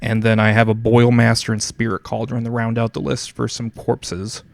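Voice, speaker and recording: A man co-hosting a tabletop wargame report, explaining his choices in quick, offhand casual chat. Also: mid-range voice, completely flat delivery, gravelly, a little hiss or hum. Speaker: wargame battle report co-host.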